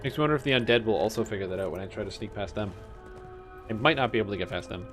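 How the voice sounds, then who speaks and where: A young man streaming a game, chatting casually with amused, excitable bursts. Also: lowish voice, very fast, soft background music. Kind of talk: casual gameplay commentary.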